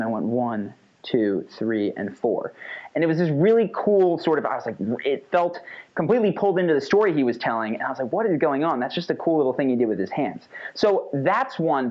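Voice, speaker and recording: A man teaching an online course in a casual, energetic way, sometimes demonstrating how his voice changes. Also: mid-range voice. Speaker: course instructor. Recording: slightly dull lo-fi audio.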